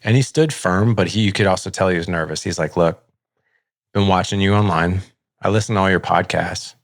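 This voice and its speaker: A man's voice: low voice, a little fast, no echo, studio quality. A middle-aged man, a podcast host, candidly telling a personal story in a casual, conversational way, full of "like" and acted-out dialogue. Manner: heavy use of filler "like", acts out dialogue.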